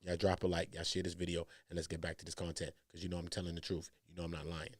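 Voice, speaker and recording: A man hosting a commentary show, talking in heavy slang, emphatic, jumping from loud outbursts to low mutters. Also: monotone, fast, no echo, studio quality. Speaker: commentary host. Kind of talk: animated commentary.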